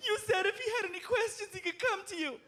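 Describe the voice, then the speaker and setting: A man voicing an angry, protective mother who scolds in a shrill voice, recorded live on stage with crowd noise. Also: quick pace, sharp tone. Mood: scolding.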